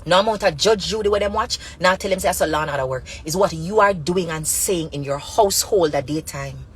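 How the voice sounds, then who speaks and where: A woman's voice: on the low side, brisk, poor audio. Jamaican woman, emphatic commentary, repeats herself for emphasis, faint background hiss. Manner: emphatic, repetitive, speaks in Jamaican Patois and English. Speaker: commentary channel host. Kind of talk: impassioned spoken commentary.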